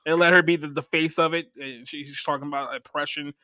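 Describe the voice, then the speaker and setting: A man's voice: a little high, fairly even intonation, fast talker, pushed and bright. A man co-hosting a casual podcast, making sarcastic remarks.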